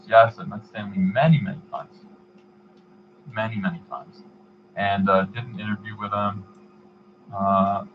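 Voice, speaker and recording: A man hosting a livestream, chatting casually and reading donations, in a rambling, halting way. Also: on the low side, muffled recording, a little hiss or hum. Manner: rambling, halting, many fillers and restarts. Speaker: livestream host.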